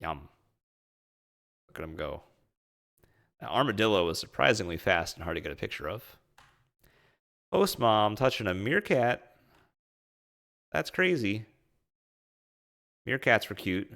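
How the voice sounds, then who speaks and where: A man with a fairly low voice chats casually over his travel photos, tossing out amused, goofy remarks. He sounds relaxed, recorded indoors. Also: vocal fry. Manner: playful and amused, drawn-out silly asides. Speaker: vlogger recapping a trip. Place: indoors at home streaming.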